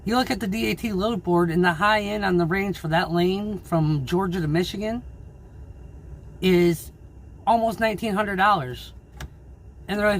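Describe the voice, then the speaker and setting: A man who drives his own truck, ranting angrily and swearing in a casual vlog about low freight rates. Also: steady tone, normal speed, pauses often, slight background noise. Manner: angry, swearing, frustrated. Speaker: owner-operator truck driver.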